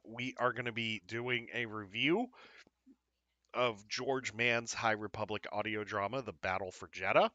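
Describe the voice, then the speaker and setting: A man hosting a casual live show, chatting in an upbeat, rambling way with lots of fillers and quick apologies. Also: medium pitch, pushed and bright, dry recording, highs cut off. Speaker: podcast host. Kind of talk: casual live-stream chat.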